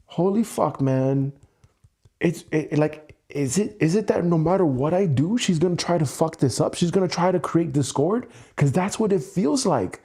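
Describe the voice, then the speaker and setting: A man with a slightly high, husky voice vents his frustration on a livestream. He swears often and sounds exasperated, yet he keeps his voice low because it is the middle of the night at home. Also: expressive, moderate pace, warm tone. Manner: keeping his voice low so as not to wake someone. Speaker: livestream host. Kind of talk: emotional livestream venting.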